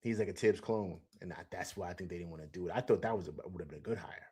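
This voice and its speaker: A man's voice: low voice, very fast, dark tone, husky. A man hosting a casual live sports talk stream, loose and chatty, repeating himself, laughing often and reading out viewer comments. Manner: reads out chat comments. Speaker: sports talk show host.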